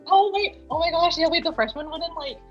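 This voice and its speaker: A woman's voice: very high voice, a little fast, muffled recording, soft background music. A young woman, a university student, chatting casually and bubbling over about a school dance. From outside the US. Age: young adult. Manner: bubbly, heavy use of "like". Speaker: student panelist. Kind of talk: casual chat.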